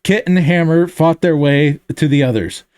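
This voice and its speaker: A man with a slightly higher voice reads his own action story aloud at a steady pace, stopping now and then to correct a slipped word. He is on a computer mic in a dry, close sound with no room around him. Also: normal speed, clear, resonant tone, dry recording. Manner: steady reading with frequent self-corrections. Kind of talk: reading fiction aloud. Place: home, online voice chat.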